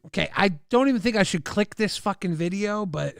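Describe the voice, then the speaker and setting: A man streaming live, chatting casually and reacting to videos with excitable, profane outbursts. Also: high voice, fairly quick, vocal fry, clear, resonant tone, no room sound, studio quality.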